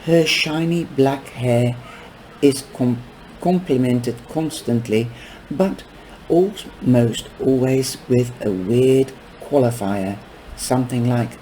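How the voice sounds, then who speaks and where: A man reading a novel aloud, unhurried, with small stumbles and casual asides. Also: medium pitch, dark tone, a little hiss or hum, rough recording. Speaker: book reader.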